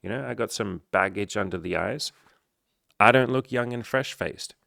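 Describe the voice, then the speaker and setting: A man's voice: lowish voice, normal speed, gravelly, dry recording, clean studio sound. A man who works as a dating coach, giving a blunt, profane motivational talk and acting out the people he quotes. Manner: profane, forceful, acts out quoted voices.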